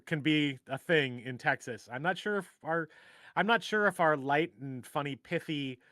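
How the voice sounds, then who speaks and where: A man's voice: a little high, sharp tone, dry recording, clean studio sound. A man co-hosting a livestream, chatting casually and rambling from one joke to the next. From Minnesota. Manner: rambling, jokey, trails off into mumbles. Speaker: livestream co-host. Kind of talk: casual chat.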